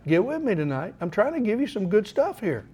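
A middle-aged man preaching in a church room, his voice sitting a little higher than most men's. He speaks earnestly and urges his listeners on, breaking off to read scripture aloud. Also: sing-song, fairly quick, a little mellow, breathy edge. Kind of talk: sermon.

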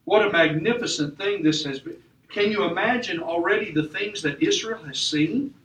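A man with a high, bright voice preaches a sermon, driving his points home with emphatic rises and falls. He sounds like he's standing a way back from the mic, and the church room around him echoes. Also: normal speed, distant mic, slight background noise. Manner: emphatic preaching with rising and falling delivery. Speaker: pastor.

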